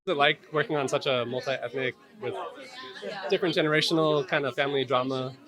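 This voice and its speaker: Fast-talking man interviewing on a red carpet. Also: mid-range voice, fairly even intonation, over loud music, over a noisy crowd. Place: outdoor red carpet event.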